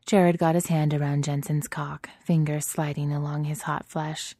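A woman reads erotic fiction aloud in a soft, intimate, steady way, with breathy whispered touches. Her voice sits low and mellow with little melody. The recording is close and dry. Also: moderate pace, no echo. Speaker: narrator.

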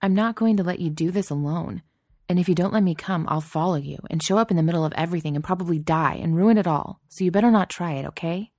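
A woman reads a tough young woman, blunt and sarcastic, who swears easily. The voice stays low and dark, close to her narrating voice, recorded dry and close. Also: fast talker, no echo. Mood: fierce. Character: tough, fierce, self-mocking young woman smoker.

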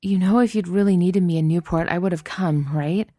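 A woman's voice: lowish voice, fairly even intonation, measured pace, vocal fry, a little mellow, no echo, studio quality. A woman voicing an anxious teenage girl who stammers out flustered apologies. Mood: urgent.

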